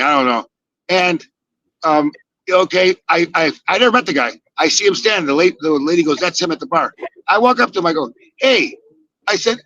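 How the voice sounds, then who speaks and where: A man in his sixties telling a casual story, acting out the quoted lines with lively energy and casual swearing. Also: high voice, no room sound, highs cut off. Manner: animated, acts out quoted dialogue, swears casually. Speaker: podcast guest telling stories.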